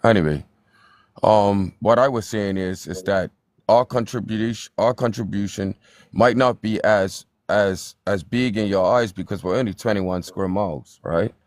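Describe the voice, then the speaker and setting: Calm low-voiced Bermudian man calling in. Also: no room sound. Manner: calm and measured, hesitant with fillers. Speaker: caller. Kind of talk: call-in discussion.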